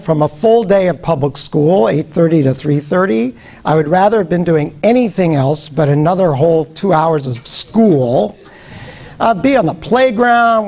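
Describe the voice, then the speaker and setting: A man's voice: sits high, darkish tone. An older man from Nebraska giving a humorous storytelling lecture, joking and quizzing his audience. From Omaha, Nebraska, USA. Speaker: guest speaker.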